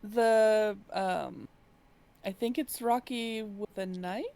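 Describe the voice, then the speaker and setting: A woman chatting casually on a stream, halting and hesitant, laughing easily. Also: mid-range voice, vocal fry, dark tone, a little hiss or hum. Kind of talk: casual chat.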